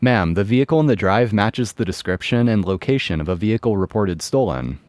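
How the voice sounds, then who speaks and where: A man reading the lines of a calm, polite police officer in a formal, measured way. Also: lowish voice, no room sound, studio quality, faint music behind, close to an everyday voice.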